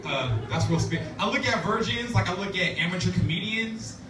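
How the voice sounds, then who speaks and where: A man's voice: high voice, a little fast. A man doing a stand-up comedy set at an open mic, talking loosely and profanely with many fillers. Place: laundromat café venue. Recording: roomy, distant, noisy live recording. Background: audience laughter and room chatter.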